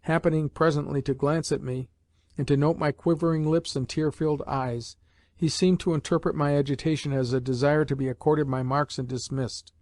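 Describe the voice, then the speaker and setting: A man narrating a classic novel as an audiobook reader, in a measured storytelling manner. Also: on the high side, steady tone, a little mellow, dry recording, studio quality. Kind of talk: scripted narration.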